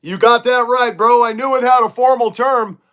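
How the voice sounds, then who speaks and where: A man's voice: extremely high pitch, fairly even intonation, normal speed, a bit bright. A middle-aged man hosting a casual livestream from his bedroom, talking emphatically and reading viewer comments aloud. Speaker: livestream host. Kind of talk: casual live-chat monologue.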